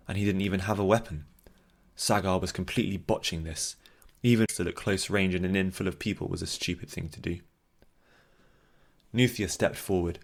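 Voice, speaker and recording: Deep-voiced male audiobook narrator. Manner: steady, measured storytelling. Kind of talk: scripted fantasy narration.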